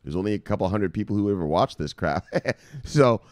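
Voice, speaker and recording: A man with a low voice that swings a lot as he talks. He hosts a crypto video in a casual hype monologue, swearing and repeating words for emphasis. The recording is close and dry. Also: lively intonation, fairly quick, a little mellow, no echo.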